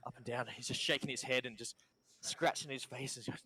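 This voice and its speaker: Australian game master narrating a tabletop game. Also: male voice, medium pitch, fairly quick. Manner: relaxed, repeats words while narrating.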